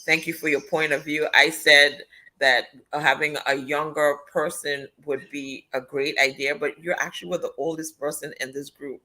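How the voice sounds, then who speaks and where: A woman's voice: deep voice, steady tone, moderate pace, sharp tone, low-quality recording. A woman hosting a panel talk show, closing it out with effusive, repeated thanks and praise. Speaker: host.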